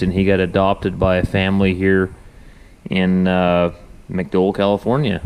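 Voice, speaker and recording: A man's voice: sits low, a little mellow, clean tone. A young man, a repair mechanic, talking casually in a rambling, folksy way with many restarts. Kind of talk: casual shop vlog talk.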